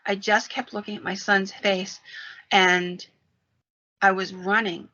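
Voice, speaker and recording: A woman's voice: mid-range voice, little pitch movement, slow pace, sharp tone. A woman voicing a frightened mother who fled the woods, in an urgent, breathless telling. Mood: scared. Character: frantic mother fleeing the woods. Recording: dull lo-fi sound.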